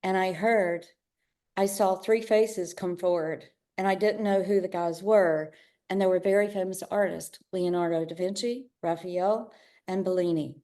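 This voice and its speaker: A woman guest with a mellow, warm tone who tells her story with spirit. She often speeds up into quick bursts and slips into acted-out dialogue as she talks. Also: on the low side, steady tone. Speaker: guest, business owner and artist. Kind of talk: interview storytelling.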